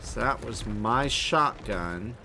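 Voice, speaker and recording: A man's voice: medium pitch, expressive, slow, vocal fry, heavy background noise. A man streaming a survival game live, grumbling to himself about lost gear and calling himself an idiot. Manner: grumbling to himself, frustrated and self-mocking. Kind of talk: livestream gameplay commentary.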